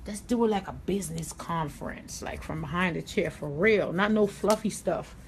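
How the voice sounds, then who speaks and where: A woman's voice: on the low side, normal speed, vocal fry, a little hiss or hum. Blunt New York woman hairstylist. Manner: blunt, confident, streetwise, with Southern-tinged slang. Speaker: hairstylist and salon owner. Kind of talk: livestream haircut tutorial.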